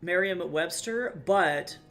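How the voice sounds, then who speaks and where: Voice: medium pitch, slow pace, fairly bright tone, soft background music. A young adult streamer in casual live-stream chat, rambling and swearing casually while talking to viewers.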